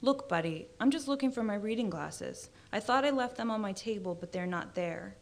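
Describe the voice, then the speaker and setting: A woman's voice: medium pitch, expressive, normal speed, creaky. Casual apologetic man, offhand, easygoing, read by a woman in her own voice. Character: male stranger looking for his glasses, casual. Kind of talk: literary reading.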